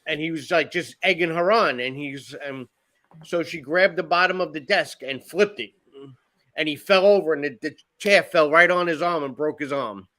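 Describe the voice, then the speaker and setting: A middle-aged man with a bright, slightly high voice, rambling through stories about his family in a casual podcast chat. He swears freely and keeps restarting his sentences as he goes. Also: normal speed. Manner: rambling storytelling, heavy swearing. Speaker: podcast co-host.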